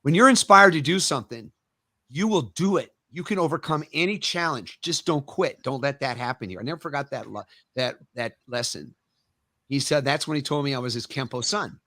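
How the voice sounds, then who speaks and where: A man's voice: mid-range voice, lively intonation, fairly quick, sharp tone, dry recording. Middle-aged male karate master, emphatic anecdotal storyteller, dry close sound. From United States. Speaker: karate master, interview guest. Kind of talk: storytelling in a casual interview.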